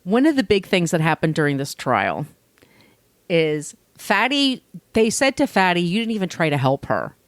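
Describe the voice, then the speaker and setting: A woman co-hosting a podcast, telling a true-crime story in casual, animated chat and swearing now and then. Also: lowish voice, normal speed, no room sound. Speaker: podcast co-host.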